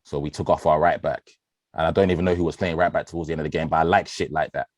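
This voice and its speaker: Deep-voiced man in animated football chat. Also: very fast, no echo, lo-fi sound. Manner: animated, slangy, swears freely, laughs often. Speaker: podcast co-host, football fan.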